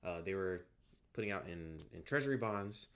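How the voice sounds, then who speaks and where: A man's voice: low-pitched, expressive, moderate pace. A man explaining off the cuff at home, rambling and conversational, tossing in "right?" as he goes. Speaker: online course creator. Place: home, by a bed.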